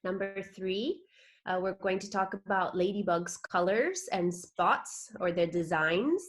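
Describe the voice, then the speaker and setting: A woman's voice: medium pitch, measured pace. A woman with a Texan American accent teaching a children's club lesson over a video call, upbeat and chatty, often checking that listeners follow. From Texas, USA. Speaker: club director teaching an honor. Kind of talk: online class presentation.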